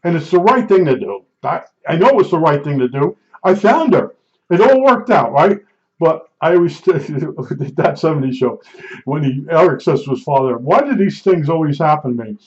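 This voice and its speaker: A middle-aged man telling a rambling personal anecdote, excitable, restarting sentences and acting out the dialogue. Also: on the high side, moderate pace. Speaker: storyteller recounting an incident. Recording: dull lo-fi recording.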